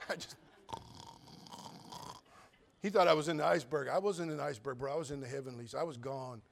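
An older man preaching a sermon, folksy and joking, telling stories and rising into loud preaching at times. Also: fairly high pitch, gravelly. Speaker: pastor.

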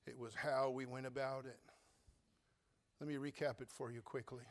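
A man preaching a sermon, telling his own story with humor and big swings between loud and quiet. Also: mid-range voice, little pitch movement, normal speed. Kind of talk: sermon testimony.

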